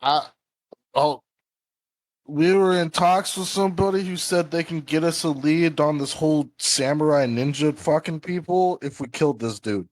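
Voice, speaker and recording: A man's voice: on the high side, moderate pace, no room sound. A man playing a tabletop game, blunt and joking, cursing freely in casual banter. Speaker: player.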